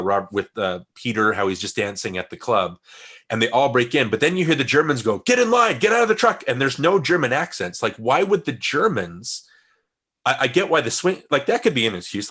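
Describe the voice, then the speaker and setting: A man's voice: medium pitch, fairly bright tone, slightly rough. A man co-hosting a casual film podcast, rambling, with frequent restarts and trailing asides. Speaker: podcast co-host.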